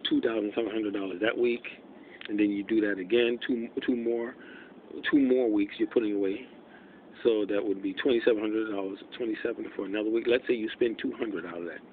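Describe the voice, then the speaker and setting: A man speaks in a hushed, muted voice that sits on the low side. He rambles through a monologue, thinking aloud and filling pauses with fillers. The audio is tinny and phone-like, with a faint hiss underneath. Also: steady tone. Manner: deliberately muted, hushed delivery.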